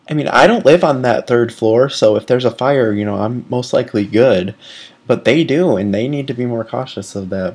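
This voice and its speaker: A young man in a casual vlog, talking at an ordinary mid-range pitch. He rambles through a personal story, filling gaps with "like" and "you know." When he retells a scene, his delivery turns animated. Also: slightly rough. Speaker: vlogger.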